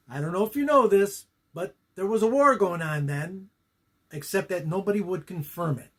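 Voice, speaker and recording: A man in his eighties telling a deadpan, wisecracking comic monologue. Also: high-pitched, normal speed. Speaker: comedian. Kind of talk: stand-up comedy monologue.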